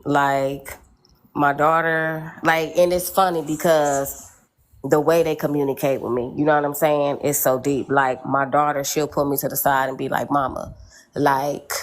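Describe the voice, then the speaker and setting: A woman's voice: sits low, level tone, measured pace. A middle-aged woman on a podcast panel, speaking candidly in casual, slangy chat. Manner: candid, storytelling, slangy, repeats "you know what I'm saying".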